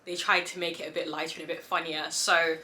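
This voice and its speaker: A young woman chatting casually to camera as a vlogger, expressive and giggly, acting out her own reactions at home. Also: low-pitched, fast talker.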